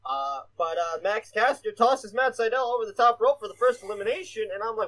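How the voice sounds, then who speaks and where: A man's voice: high-pitched, lively intonation, a little fast, fairly bright tone, poor audio. A man co-hosting a casual podcast, rambling with lots of "uh" fillers and casual swearing. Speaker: podcast co-host. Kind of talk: casual wrestling podcast chat.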